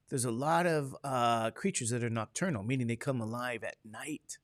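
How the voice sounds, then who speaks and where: A man's voice: mid-range voice, normal speed, few pauses, no room sound, studio quality. A man teaching a classroom lecture, chatty and digressive, asking the class questions as he goes.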